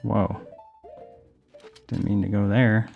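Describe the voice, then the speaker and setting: A man's voice: on the low side, level tone, slow, creaky, narrow, tinny audio. A young adult man casually commenting on a video game while telling rambling personal stories, with game music underneath. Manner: rambling storytelling while playing. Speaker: gaming host. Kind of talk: casual let's play commentary.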